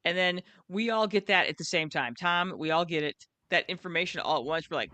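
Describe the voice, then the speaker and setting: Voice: medium pitch, a little fast, pushed and bright. A co-host talking casually and with enthusiasm over a video call, often repeating words. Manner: enthusiastic, repeats words, laughs at own retelling. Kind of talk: casual chat.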